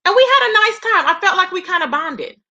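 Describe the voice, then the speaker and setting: Sassy high-voiced woman recapping gossip. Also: fairly quick. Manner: sassy, animated, laughs a lot, says "okay" and "period". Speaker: YouTube commentary host.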